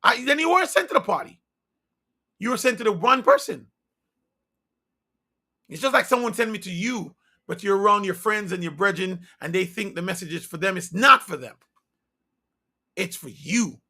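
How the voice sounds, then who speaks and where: A man preaching a sermon with fervent insistence, firing rhetorical questions and swinging from loud emphasis to hushed near-whispers. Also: high voice, lively intonation, normal speed, long pauses.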